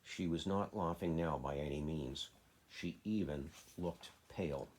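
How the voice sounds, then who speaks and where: A man, a father, reading a children's classic aloud in a steady, plain way. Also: rumbling low, unhurried, slightly rough. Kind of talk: storybook reading.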